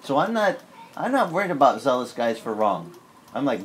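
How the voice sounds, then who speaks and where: A man preaching a sermon as pastor in a church, talking in a candid, conversational way and breaking into lively acted-out prayers. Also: mid-range voice, normal speed, a little hiss or hum.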